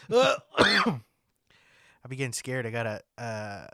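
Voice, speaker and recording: A man's voice: mid-range voice, very animated, slow, sharp tone, no room sound, studio quality. A man co-hosting a podcast in casual chat, ranting with lots of swearing. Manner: ranting, heavy swearing, lots of filler likes. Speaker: podcast co-host.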